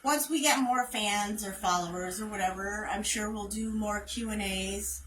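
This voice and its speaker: A woman's voice: mid-range voice, moderate pace, a bit bright, echoey room, slight background noise, poor audio. A woman hosting a casual livestream chat, playful and chatty. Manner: playful, chatty, laughs often. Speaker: channel host.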